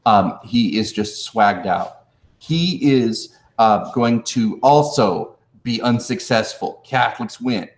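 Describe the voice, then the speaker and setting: A man's voice: on the low side, takes it slowly. A man teaching history in a casual live review, joking with viewers in chat and acting out historical figures in slangy voices. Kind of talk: live-streamed exam review. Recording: echoey room.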